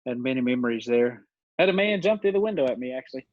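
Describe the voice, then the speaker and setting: Talking fast and animatedly in a mid-range voice, a twenty-something podcast guest chats casually through stories, rambling, laughing a lot and filling gaps with fillers. There's no room sound, and the recording is dull, dry and lo-fi.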